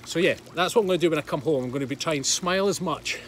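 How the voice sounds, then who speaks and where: Speaking very fast in a voice on the high side, a livestream host from Scotland, a man in his thirties with a Scottish accent, chats casually outdoors beside a pool. He laughs a lot and reads out comments from viewers, with slight noise in the background.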